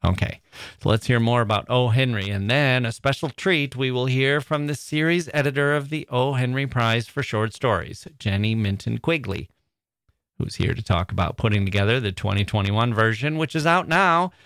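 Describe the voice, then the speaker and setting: A man's voice: medium pitch, normal speed, a bit bright, clean tone, no echo, clean studio sound. A man hosting a literature podcast in a reflective, wry, conversational way, chuckling now and then. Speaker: podcast host.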